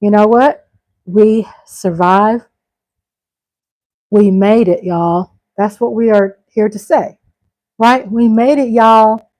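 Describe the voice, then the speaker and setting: A woman's voice: medium pitch, steady tone, slow, pauses often, a little mellow, dry recording, rough recording. A middle-aged woman hosting a casual live stream. She reads out viewer comments and chats back to them, calling her viewers y'all and breaking into exclamations.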